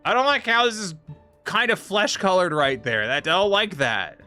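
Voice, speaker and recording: A man's voice: high voice, expressive, normal speed, sharp tone, faint music behind. A man streaming a game, chatting casually and irreverently, with frequent swearing. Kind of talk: casual gameplay commentary with voiced dialogue.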